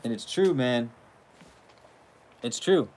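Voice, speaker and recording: A man's voice: mid-range voice, lively intonation, takes it slowly, a little mellow. A man hosting his channel in a casual, rambling monologue, swearing freely and laughing between thoughts. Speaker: channel host.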